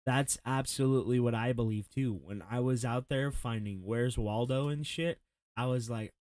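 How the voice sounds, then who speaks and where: A man's voice: mid-range voice, normal speed, a little mellow, no echo. A man, a streamer, mocking a clip with sarcastic reaction commentary and laughing asides.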